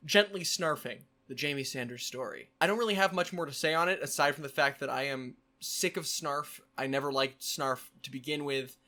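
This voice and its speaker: A man chatting to his camera in a loose vlog style. His voice is bright and forward and sits a little high for a man. He keeps it playful, with quick asides and bursts of repeated phrases. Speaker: vlogger. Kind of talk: casual vlog monologue.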